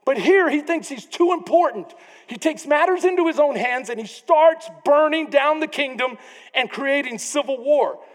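A man preaching a sermon as pastor, animated, often acting out the people in his story. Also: extremely high pitch, moderate pace. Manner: animated preaching, acts out quoted voices. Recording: long reverb of a church hall.

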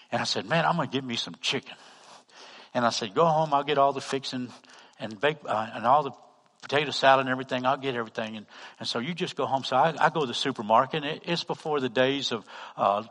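A man with a Texan accent, a pastor telling a story in a sermon, acting out the dialogue and swinging from loud to hushed. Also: medium pitch, long reverb tail. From Texas. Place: church hall.

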